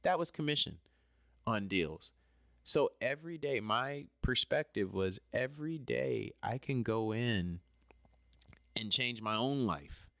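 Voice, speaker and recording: A man's voice: mid-range voice, expressive, takes it slowly, vocal fry, a bit bright, no room sound, studio quality. A man telling a personal story in a casual, rambling way, talking straight to the listener and apologizing when he drifts off topic. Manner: chatty, talks straight to the listener.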